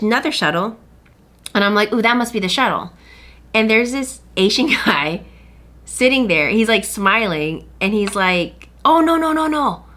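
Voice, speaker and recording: A woman's voice: medium pitch, sharp tone. A woman hosting a podcast, chatting casually and retelling a story animatedly, acting out what other people said. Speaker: podcast host.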